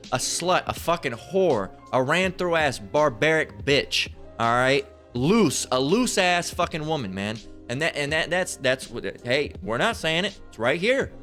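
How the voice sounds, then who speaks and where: A man's voice: a little high, a bit bright. A man preaching over a Bible passage in a crude, profane rant. He stammers, restarts often and keeps asking "right?". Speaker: street preacher.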